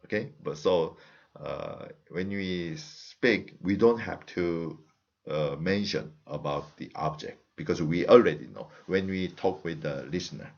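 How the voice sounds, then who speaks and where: A man's voice: low-pitched, unhurried, a little mellow. A man with a Korean accent, a native Korean speaker teaching a language lesson in English, patiently repeating example phrases with frequent "uh" fillers. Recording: slightly muffled lo-fi audio.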